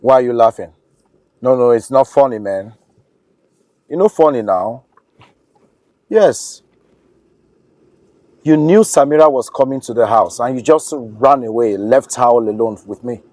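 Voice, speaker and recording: A man's voice: medium pitch, expressive, a little slow, pauses often, darkish tone, dry recording, close to an everyday voice. A Nigerian man in a film drama, talking casually and complaining. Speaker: housemate of the woman's boyfriend.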